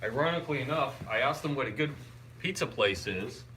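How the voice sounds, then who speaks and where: A young man chatting casually on a live stream. He greets viewers and reads their comments out loud, and he sounds wired and tired. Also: mid-range voice, animated, a little fast, a little hiss or hum. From Canada. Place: hotel room.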